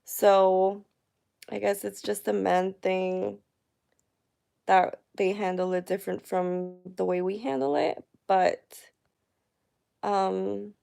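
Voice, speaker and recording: Candid gravelly-voiced woman vlogging. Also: medium pitch, fairly even intonation, slow pace, long pauses, dark tone. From United States. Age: 30s. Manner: candid, emotional, chatty with many fillers. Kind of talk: personal vlog talking to viewers. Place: at home.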